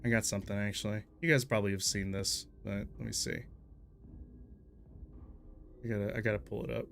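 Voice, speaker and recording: A man's voice: on the low side, little pitch movement, a little fast, creaky, a bit bright, a little hiss or hum. A man streaming a story game, rambling casually, swearing freely and laughing at himself. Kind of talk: casual let's-play commentary.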